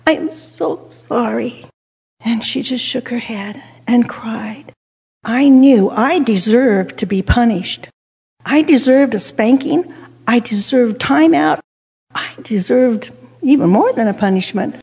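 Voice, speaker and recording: An older woman telling a childhood story with a lesson, animated and dropping to hushed whispers for suspense. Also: fairly high pitch, takes it slowly, slightly rough. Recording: long hall reverb.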